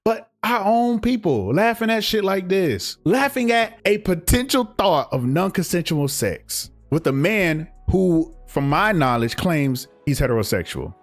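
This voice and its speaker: A man's voice: high voice, sing-song, measured pace, few pauses, faint music behind. A young man, giving a blunt, profane, heated commentary rant as a reaction streamer.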